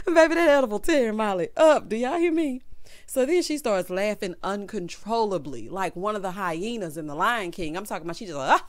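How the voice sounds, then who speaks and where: A woman casually recapping a TV episode, sassy and quick to burst into loud laughter. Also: mid-range voice, expressive, dry recording. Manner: sassy, laughs loudly, acts out characters' lines. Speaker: TV recap vlogger.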